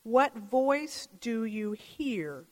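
A woman pastor giving a sermon in a church, reflective and measured, asking the congregation questions. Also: a little high, very animated. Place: church sanctuary. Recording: long church reverb.

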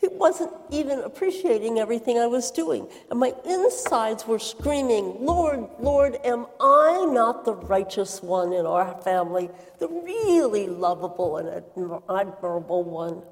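A woman's voice: on the high side, unhurried, hardly any pauses. A woman playing Martha, a busy and indignant hostess, in an earnest dramatic monologue. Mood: reflective. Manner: earnest, expressive storytelling with quoted outbursts. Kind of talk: dramatic first-person monologue. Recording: reverberant hall.

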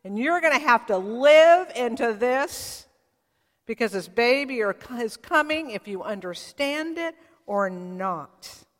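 A woman voicing an imposing male angel messenger, declaring his orders loudly and firmly. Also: fairly high pitch, lively intonation, slow, long reverb tail. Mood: commanding. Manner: commanding, declaring.

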